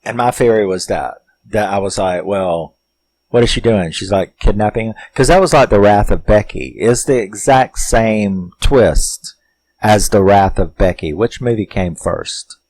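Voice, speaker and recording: A man with a lowish voice talks through a horror movie at an unhurried, drawn-out pace. His review is loose and rambling, peppered with curses and filler words, and he chuckles along as he goes. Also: darkish tone, no echo, poor audio. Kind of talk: casual film review monologue.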